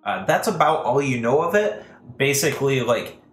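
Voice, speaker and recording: A man narrating a tabletop game as dungeon master, halting with many fillers. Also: mid-range voice, animated. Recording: echoey room, faint music.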